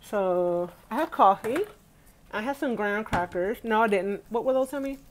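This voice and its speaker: A woman's voice: medium pitch, normal speed, a little hiss or hum. Chatty woman live-streaming from home. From Brooklyn, New York, USA. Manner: chatty and animated, talks straight to viewers with Southern "y'all". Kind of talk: casual live-stream chat. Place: at home, indoors, on her bed on a rainy day.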